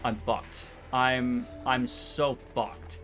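A man's voice: medium pitch, level tone, very slow, fairly bright tone, faint music behind. A man casually commenting on his gameplay, often frustrated and swearing at the game and its characters. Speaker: gameplay streamer.

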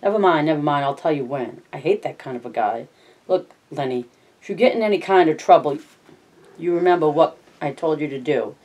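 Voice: mid-range voice, lively intonation, a little fast, darkish tone, natural voice. A reader doing a blunt, worried ranch hand. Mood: firm. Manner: blunt, urgent, coaxing. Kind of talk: audiobook reading.

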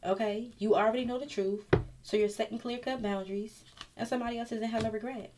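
A woman's voice: on the high side, steady tone, fast, a little mellow, a little hiss or hum. A woman reading tarot cards straight to the viewer in a casual, blunt and profane way. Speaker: tarot reader.

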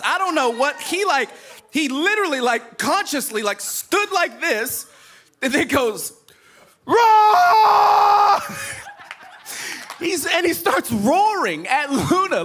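A male pastor in his thirties delivers a sermon in a strikingly high voice that swoops up and down. His tone is bright and ringing, and he tells stories in a funny, slangy, animated way. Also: slight background noise. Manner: animated, humorous storytelling in casual slang.

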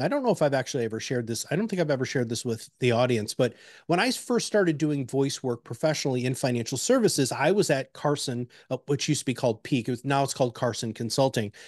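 A man presenting an instructional webinar, energetic and chatty, with personal anecdotes and emphatic repeated pleas. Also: mid-range voice, dry recording, studio quality.

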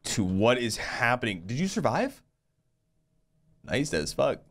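A man's voice: mid-range voice, sing-song, a little slow, a bit bright. A man giving live commentary over his own gameplay, exclaiming and swearing as the action unfolds. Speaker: gaming video host.

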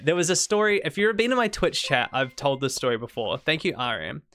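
A young woman with a mild New Zealand accent talks casually on a gaming livestream. She rambles, restarts her sentences and teases her viewers in a relaxed, chatty way. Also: low voice. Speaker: streamer.

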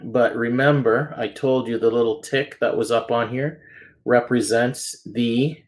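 A man's voice: mid-range voice, fairly even intonation, measured pace. A man teaching a math lesson, walking through each step patiently and checking in with "okay?" and "right?" as he goes. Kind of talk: classroom lesson walkthrough.

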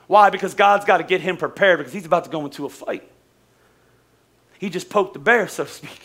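A man's voice: high voice, brisk, fairly bright tone. A man preaching a sermon as pastor, casual and conversational, with humor and acted-out quotes.

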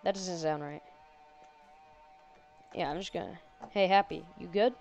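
A woman's voice: lowish voice, a little slow, gravelly, a little mellow, faint music behind. A woman playing a horror game and commenting on it, sarcastic and jokey, chatting to the characters on screen. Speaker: gaming channel host.

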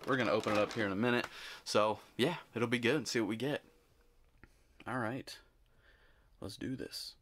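A man vlogging, telling a story in an animated, chatty way and acting out the people in it. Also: mid-range voice, normal speed, pauses often, a little hiss or hum. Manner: animated, chatty, acts out quotes. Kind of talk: casual storytelling.

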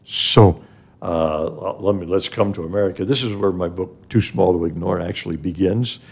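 A man's voice: low voice, normal speed, vocal fry, slightly rough. An older man, a guest on a podcast, telling his life story in an earnest, emotional way that rises when he is moved. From grew up in an African village. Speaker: guest, charity president emeritus. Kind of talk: personal storytelling in a podcast interview.

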